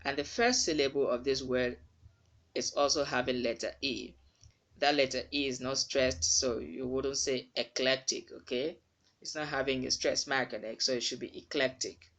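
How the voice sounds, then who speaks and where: A man's voice: mid-range voice, steady tone, normal speed, fairly bright tone. A man giving a spoken English pronunciation lesson, carefully repeating words to model the sounds. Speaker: pronunciation teacher.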